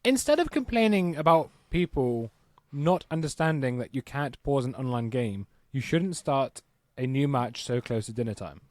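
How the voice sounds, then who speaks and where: A man's voice: mid-range voice, lively intonation, moderate pace, no room sound. A young man co-hosting a podcast in a casual chat, hesitant and hedging as he talks. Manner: hesitant, restarts and hedges. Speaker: podcast co-host.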